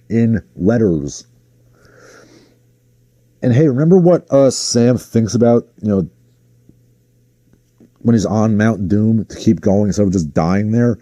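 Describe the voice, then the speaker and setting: A man's voice: lowish voice, warm tone, no echo. A man hosting a livestream in a casual, ranting commentary style, sarcastic and exasperated. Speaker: livestream host.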